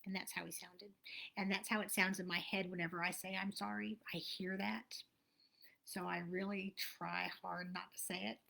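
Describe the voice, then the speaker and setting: A woman's voice: fairly low pitch, level tone, moderate pace, creaky, pushed and bright. A woman, host of a casual motivational vlog, talking in a chatty, meandering way and often correcting herself. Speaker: host, abundance coach.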